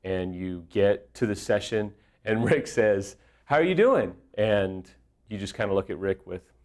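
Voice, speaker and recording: A man's voice: lowish voice, level tone, measured pace, darkish tone. A man telling an earnest, candid personal story straight to viewers, sometimes poking fun at himself. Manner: earnest, candid, self-deprecating. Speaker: affair recovery speaker.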